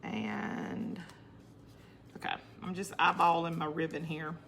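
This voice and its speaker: Woman doing a crafting livestream, kinda low voice, chatty and laughy, answers comments as she goes. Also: slow, vocal fry, fairly bright tone, slight background noise. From northern United States. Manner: chatty, laughs often, talks back to viewer comments. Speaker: crafting channel host. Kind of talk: casual livestream crafting chat.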